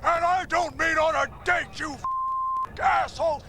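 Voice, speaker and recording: A drunk, foul-tempered Santa. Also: male voice, very high voice, huge pitch swings, a little slow, exaggerated voice. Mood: furious. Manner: evasive mumbling, then furious cursing. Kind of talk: comedy short acting.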